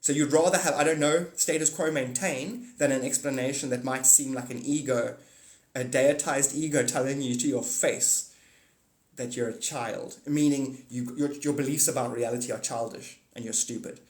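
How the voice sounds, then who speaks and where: A man ranting casually on a livestream, rambling and profane, swinging from mutters to excited outbursts. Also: medium pitch, normal speed. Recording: echoey room.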